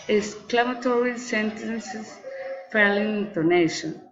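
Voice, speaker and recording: A woman reading English pronunciation drills slowly and carefully, word by word, as a student exercise. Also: on the high side, muffled recording.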